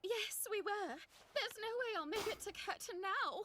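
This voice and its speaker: A young opera singer in an anime dub, anxious and breathless. Her voice is very high and bright, and her pitch jumps around. Light music plays behind her. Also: lively intonation, measured pace, full character voice. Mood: worried.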